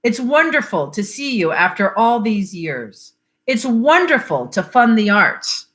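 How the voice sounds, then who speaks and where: A woman's voice: on the high side, sing-song, a little slow, a bit bright. A woman reading the lines of a blunt, bitter middle-aged father grieving for his sick son, in her own voice with little change. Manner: blunt, swears, wry about odds.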